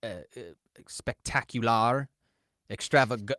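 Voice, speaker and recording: A man's voice: medium pitch, steady tone, a little slow, sharp tone, no echo, clean studio sound. A man co-hosting a podcast, bantering in a campy, teasing, mock-grand way. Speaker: podcast co-host.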